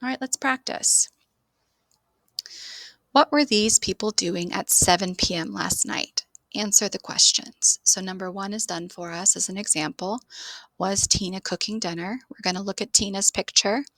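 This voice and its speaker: A woman's voice: medium pitch, moderate pace, a bit bright, no echo. A woman teaching an online English grammar lesson, explaining steadily and spelling words out letter by letter.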